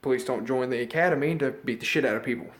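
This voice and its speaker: Talking quickly at a medium pitch, a young man from the United States rants casually about his opinions on his vlog. He swears heavily, drifts and loses track of his point, and comes across as breathless and slightly ill.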